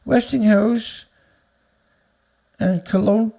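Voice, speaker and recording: A man with a gravelly, raspy edge and a fairly high pitch rants through a commentary show. He reads a headline, then tears into it with profanity and insults. His tone is dark and heavy despite the high pitch. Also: fairly even intonation, takes it slowly. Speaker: news commentary host. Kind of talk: angry ranting commentary.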